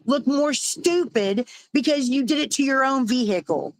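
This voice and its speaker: A woman's voice: high-pitched, expressive, normal speed, no room sound, poor audio. A woman arguing heatedly on a live stream panel, defensive and profane, often stumbling over her words.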